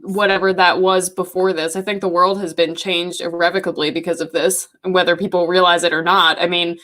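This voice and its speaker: A woman's voice: lowish voice, little pitch movement, fairly quick, fairly bright tone. A woman appearing as a podcast guest, giving her views in a frank, matter-of-fact way. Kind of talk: casual chat.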